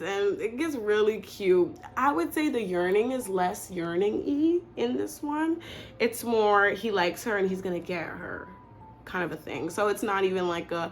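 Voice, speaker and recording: A woman's voice: medium pitch, lively intonation, a little hiss or hum. A young woman in casual chat, gushing about stories she loves and briefly acting out the characters' lines. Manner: gushing, chatty, acts out characters' lines in quick asides. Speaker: video creator recommending stories.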